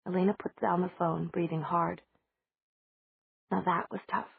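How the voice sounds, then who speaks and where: Female audiobook narrator, measured, husky, over a tinny, dry line. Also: on the low side, fairly even intonation, dry recording.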